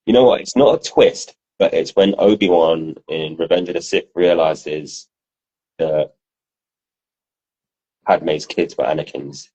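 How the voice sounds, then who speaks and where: A man co-hosting a podcast, telling stories in a casual, animated way and swearing freely. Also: a bass voice, unhurried, long pauses, husky, lo-fi sound. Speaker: podcast co-host. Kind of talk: casual chat.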